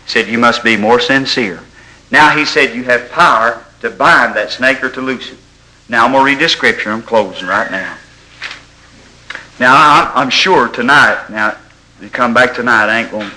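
A man preaching a sermon, telling folksy stories and rising into loud exhortation. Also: mid-range voice, moderate pace, rough recording.

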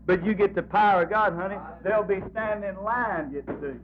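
Fervent high-voiced preacher on muffled tape. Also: male voice, a little fast, few pauses. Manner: fervent, rhythmic repetition, folksy phrasing. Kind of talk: revival sermon.

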